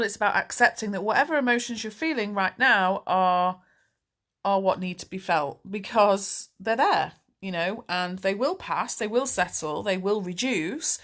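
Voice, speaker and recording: A woman's voice: medium pitch, fairly bright tone. A woman, a life coach answering viewer questions in a candid, chatty, reassuring live Q&A. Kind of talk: live Q&A chat.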